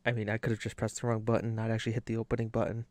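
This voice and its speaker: A man's voice: on the low side, monotone, racing, darkish tone, no room sound, studio quality. A man hosting a gaming podcast in loose, joking, rambling chat with some swearing. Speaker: podcast host. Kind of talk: casual chat.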